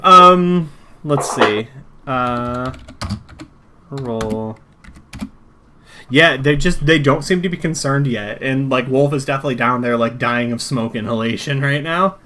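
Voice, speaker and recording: A man's voice: mid-range voice, measured pace, pauses often, pushed and bright, a little hiss or hum. A man running a tabletop role-playing game as game master, talking casually with lots of fillers.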